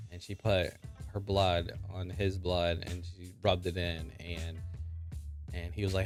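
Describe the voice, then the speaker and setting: A man casually recapping a TV episode in an excitable way, full of filler words. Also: low-pitched, a little slow, faint music behind. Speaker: show reviewer.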